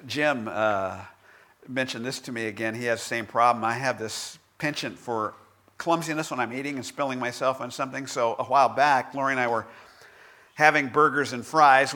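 A man giving a conversational devotional talk in a candid, self-deprecating storytelling manner, with halting restarts. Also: medium pitch, sharp tone. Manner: halting restarts and filler words.

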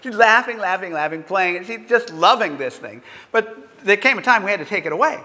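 Older male preacher, bright voice. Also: high voice, a little fast, long reverb tail. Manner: earnest, conversational preaching with lively acted quotes. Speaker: pastor. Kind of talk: sermon.

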